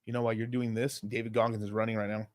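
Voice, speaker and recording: A man's voice: lowish voice, rapid-fire, heavy background noise. A young man hosting a podcast, rambling and swearing as he riffs in casual chat. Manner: rambling, profane, animated storytelling. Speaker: podcast host.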